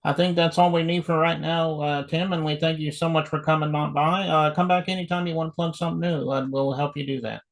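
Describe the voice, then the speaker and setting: A man hosting an interview show, asking questions in a halting way with many uhs. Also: on the high side, steady tone, creaky, low-quality recording. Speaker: show host. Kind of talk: casual interview.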